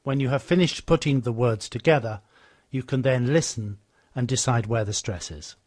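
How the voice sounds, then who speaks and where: A man narrating a walkthrough of a teaching program in a steady, explanatory way, repeating the model phrases after the clips. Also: medium pitch, normal speed. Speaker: software demonstrator.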